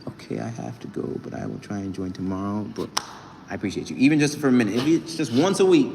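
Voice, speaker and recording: A young male livestreamer and rapper chats loosely from an indoor gym, reading comments, hyping and thanking viewers as he rambles. His low-ish casual voice moves quickly with vocal fry, and the echoey room carries faint background noise.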